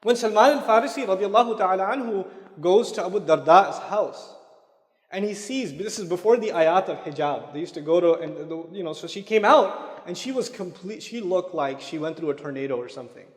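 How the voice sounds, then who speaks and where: A man giving a religious lecture in a relaxed, conversational way, dropping in casual asides and Arabic terms. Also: sits high, brisk. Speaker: Islamic lecturer. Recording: long hall reverb.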